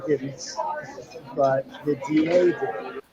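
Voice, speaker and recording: A man's voice: fairly high pitch, fairly even intonation, extremely slow, muffled recording, music in the background. A man, a former government press official, talking casually outdoors in a city in a rambling, chatty way with frequent restarts. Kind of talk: casual street conversation.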